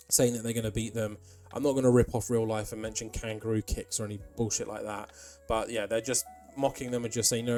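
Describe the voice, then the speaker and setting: Young dude rambling through his wrestling sim, mellow voice, chill chatty vibe. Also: medium pitch. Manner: chatty, relaxed, rambling with ums and asides. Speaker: video game commentator. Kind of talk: casual let's-play commentary.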